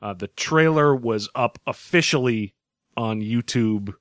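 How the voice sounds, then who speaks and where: A man hosts a podcast in a loose, jokey way, swearing freely as he chats. He speaks at an ordinary pitch into a close, dry studio mic. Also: a little slow, a bit bright, smooth, dry recording. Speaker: podcast host. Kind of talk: casual podcast chat.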